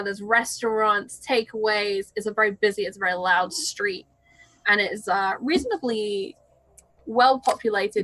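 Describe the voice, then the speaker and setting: Woman game master, bright clear tone, dry close sound, descriptive narration. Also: mid-range voice, no echo, rough recording. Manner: descriptive, unhurried scene-setting.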